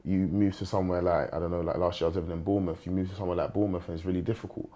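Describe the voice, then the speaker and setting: This young man speaks in a low, deep voice, and he talks quickly. He is a footballer sitting on a panel and answers earnestly, often restarting his sentences. His tone is dark and mellow. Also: flat delivery. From London. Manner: fast, earnest, with many restarts. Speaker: professional footballer, guest. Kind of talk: panel discussion.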